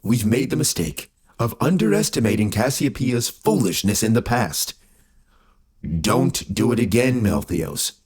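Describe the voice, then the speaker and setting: A man reading an audiobook, voicing a calm, grave male immortal who speaks in a measured, cautioning way with a husky tone. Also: on the low side. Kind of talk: audiobook character voice.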